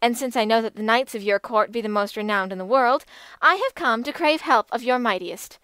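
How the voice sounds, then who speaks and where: A sharp-tongued young noble damsel, shrill and scornful, her voice riding high and loud, as a woman reader puts her on. The tone is smooth and clear and the recording is close and dry, with no room around it. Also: a little fast, no room sound. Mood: pleading. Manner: mocking, shrill, indignant. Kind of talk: audiobook reading.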